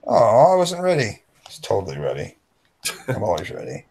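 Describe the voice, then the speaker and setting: A man's voice: lowish voice, huge pitch swings, fairly quick, darkish tone, slightly rough. A man co-hosting a casual podcast chat, telling a rambling story and acting out the voices of people he quotes. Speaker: podcast co-host.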